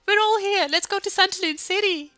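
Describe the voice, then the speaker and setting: Brummie streamer doing chirpy teen game friends, high sing-song, bright edge. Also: fairly quick, no echo, faint music behind. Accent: Birmingham.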